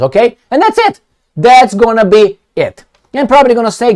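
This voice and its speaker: A man's voice: very high-pitched, wildly swooping pitch, brisk, a little mellow. A man, a political commentator, ranting sarcastically and profanely while firing rhetorical questions.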